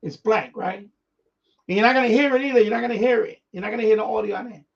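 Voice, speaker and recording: A man's voice: high-pitched, quick pace, gravelly, husky, lo-fi sound. A man hosting a radio hobby live stream, chatting casually in a rambling way, repeating himself and chuckling often.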